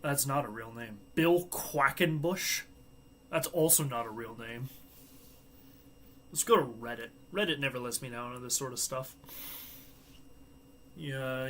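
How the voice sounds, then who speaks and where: A man's voice: medium pitch, a little slow, long pauses, pushed and bright, slight background noise. A young man hosting a live watchalong stream, chatting casually, joking and laughing at his own asides.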